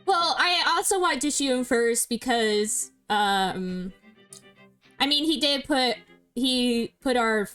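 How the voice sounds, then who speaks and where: A woman's voice: a little high, expressive, slow, a bit bright, faint music behind. A young woman streaming a game, chatting casually with a co-player, agreeing often and giggling as she thinks aloud. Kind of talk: casual let's-play chat.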